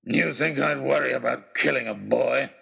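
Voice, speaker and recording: Man putting on a snarling brutal villain, gravelly, husky, low and menacing, storybook bad guy. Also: measured pace, fairly bright tone, exaggerated voice. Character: savage murderous adult male villain.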